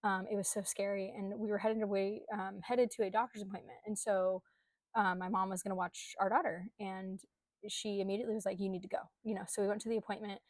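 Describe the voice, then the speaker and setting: A woman's voice: mid-range voice, level tone, fast, darkish tone, no room sound. A young adult woman telling a personal story in a candid, conversational way, with frequent ums and likes. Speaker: coach.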